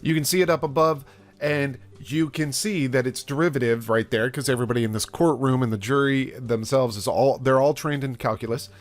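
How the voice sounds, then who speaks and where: A man's voice: mid-range voice, steady tone, fairly quick. A man teaching calculus in a playful, chatty way, speaking straight to the viewer. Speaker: math teacher. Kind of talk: casual math lesson explained through a courtroom story.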